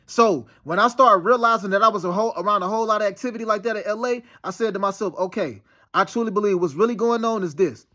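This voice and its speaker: A man pours out a rambling, profane monologue that stays heated and insistent. His voice sits high for a man. He talks quickly. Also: pushed and bright. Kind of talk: casual monologue.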